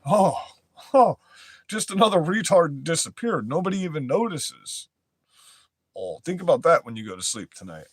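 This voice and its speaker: A man's voice: mid-range voice, no echo. A young man reading news headlines aloud and breaking into profane, aggressive, mocking rants as a commentary host.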